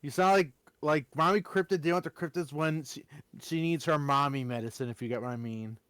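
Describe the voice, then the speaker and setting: A man's voice: fairly high pitch, brisk, fairly bright tone, smooth, no echo. A man chatting casually on a live stream with a friend, teasing him in a friendly way.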